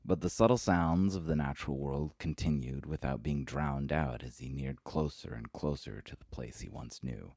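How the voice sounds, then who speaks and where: A man narrating a story in a measured, unhurried way. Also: extremely low pitch, gravelly, darkish tone, breathy edge, dry recording, clean studio sound.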